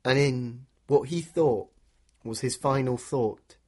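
A man's voice: medium pitch, slow pace, mellow. A man, telling an interactive children's story and inviting listeners to join in. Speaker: storyteller guide for a children's walk.

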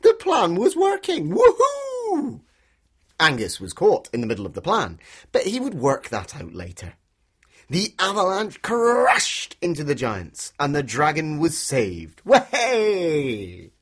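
A man's voice: fairly high pitch, wildly swooping pitch, measured pace, a bit bright, slightly rough. A man, telling an interactive children's story and inviting listeners to join in. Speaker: storyteller guide for a children's walk.

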